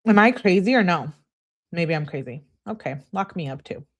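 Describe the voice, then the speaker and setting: A woman's voice: lowish voice, animated, normal speed. A woman giving casual, chatty true crime commentary, speaking freely with lots of "like" and blunt reactions. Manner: chatty, peppered with "like", outspoken reactions. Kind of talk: casual commentary reading text messages aloud.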